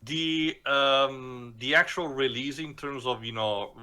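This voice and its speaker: A man's voice: medium pitch, slow, sharp tone, clear, resonant tone. A man co-hosting a casual review podcast, often searching for words mid-sentence. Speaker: podcast co-host.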